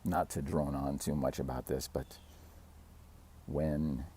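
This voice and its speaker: Low-voiced man musing casually to camera. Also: steady tone, slow pace, mellow, a little hiss or hum. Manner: rambling, laughs at himself, mock quotes in raised voice. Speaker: fitness channel host. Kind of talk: casual talking-to-camera vlog.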